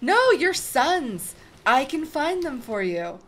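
A woman's voice: high-pitched, sing-song, takes it slowly, fairly bright tone, a little hiss or hum, exaggerated voice. A woman voicing a brave, polite young girl in a video game, speaking earnestly and pleading at times.

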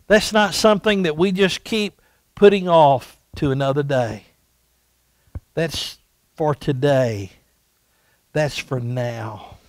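Male pastor preaching in church. High voice, slow and emphatic delivery, dry close sound. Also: no echo. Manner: emphatic, repeats rhetorical questions. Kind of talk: sermon. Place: church sanctuary.

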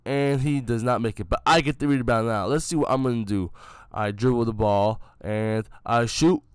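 A man's voice: medium pitch, normal speed, clean tone, no room sound, clean studio sound. A young man giving casual, joking play-by-play commentary over his own game footage, hyping a friend and mocking himself.

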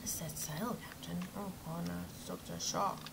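A woman's voice: fairly low pitch, steady tone, moderate pace, creaky, noisy background. A woman commenting casually while playing a video game, muttering, laughing and swearing in asides. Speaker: gamer. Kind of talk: casual let's-play commentary.

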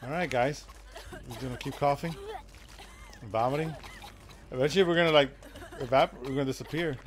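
A man streaming a live game, joking with chat and breaking into loud excited shouts. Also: medium pitch, a little fast. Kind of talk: live gameplay commentary.

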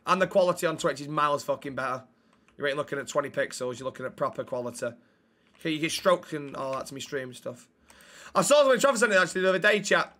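Sweary streamer with a bright voice. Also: male voice, on the high side, lively intonation, quick pace. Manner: sweary, blunt banter with chat. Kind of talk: live-stream chat while gaming.

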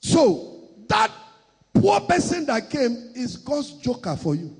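A man preaching a sermon, shouting and half-singing in bursts, mocking others in put-on voices. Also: very high voice, big pitch swings, slow pace, vocal fry, breathy edge, in a large hall.

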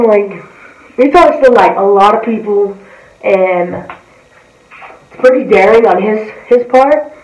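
A woman's voice: mid-range voice, darkish tone. A woman giving a blunt, profane, heated reaction commentary as a vlogger. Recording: roomy, distant from the mic.

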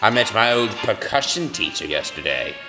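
In a lowish, sing-song voice at normal speed, a man commentates on brain-training games for his gaming videos. He's rambling and self-mocking, with lots of restarts, and the whole thing is goofy. Faint music and long reverb color the recording.

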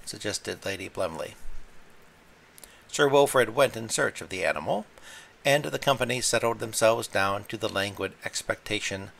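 A man reads a classic short story aloud in a measured, wry manner. His voice is gravelly with plenty of fry and sits a little low. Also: lively intonation, fairly bright tone. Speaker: audiobook reader. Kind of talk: scripted story narration.

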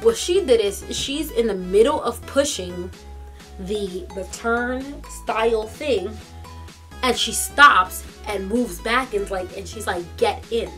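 A young woman vlogger telling a story in a casual, animated, slangy way from a room in her parents' home. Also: medium pitch, takes it slowly, faint music behind.

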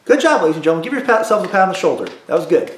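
A music teacher drilling students through call-and-response practice, patient and repetitive. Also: male voice, sits high, sing-song, racing, roomy sound. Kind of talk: recorded music lesson for students.

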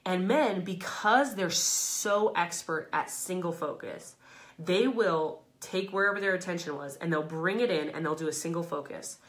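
Hosting a live stream at a normal speed, this woman delivers a casual motivational talk, candid and emphatic, swearing freely and laughing between phrases. Her delivery swings from loud, pushed lines to soft, low asides.

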